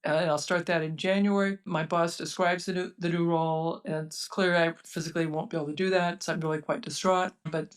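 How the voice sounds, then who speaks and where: A woman's voice: on the low side, recorded from a distance. A woman in her sixties, a physician guest, earnestly telling her recovery story in present tense. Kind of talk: personal story in conversation.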